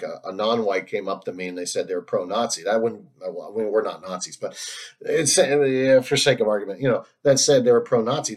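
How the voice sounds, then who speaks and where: A man's voice: on the low side, breathy edge. A man hosting a solo stream, talking in a casual, rambling monologue full of restarts, fillers and frequent laughs. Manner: halting, many restarts and fillers, laughs often.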